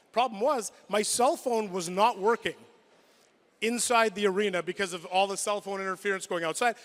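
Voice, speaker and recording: A man with a high, bright voice tells a personal story in an acceptance speech. He builds the drama, restarts quickly and repeats words. His voice rings out through the long reverb of a big indoor hall, picked up by a podium mic. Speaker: sports broadcaster giving a hall of fame acceptance speech. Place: large indoor event hall.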